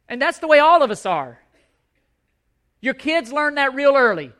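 A man's voice: very high-pitched, big pitch swings, normal speed, long pauses, pushed and bright. A male pastor preaching a sermon, impassioned and emphatic, repeating his key points.

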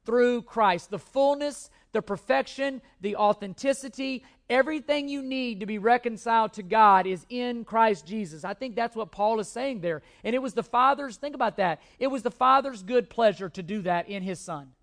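A man's voice: extremely high pitch, moderate pace, hardly any pauses, fairly bright tone. Man preaching an emphatic sermon. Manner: emphatic preaching with repeated phrases and restarts. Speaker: pastor.

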